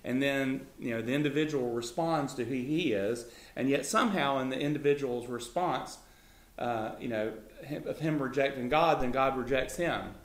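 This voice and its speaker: A man's voice: medium pitch, moderate pace, roomy sound. Chuckling man teaching Bible study. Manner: chuckles often, loose and informal.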